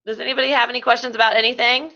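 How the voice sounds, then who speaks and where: A woman's voice: fairly high pitch, little pitch movement, very fast, lo-fi sound, background noise. A woman hosting a conference call, chatty and upbeat, thanking the speaker and inviting questions. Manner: upbeat, chatty, laughs often. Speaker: call host. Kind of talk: casual chat.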